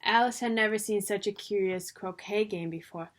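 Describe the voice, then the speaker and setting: A woman's voice: medium pitch, normal speed. Woman reading a storybook aloud. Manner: lively, expressive storytelling. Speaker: reader.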